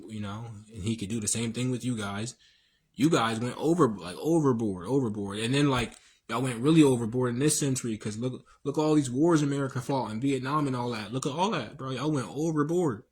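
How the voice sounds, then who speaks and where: Husky man preaching on a rambling livestream. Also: medium pitch. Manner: rambling, preachy, slangy, with many fillers. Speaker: livestream host. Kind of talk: casual livestream monologue.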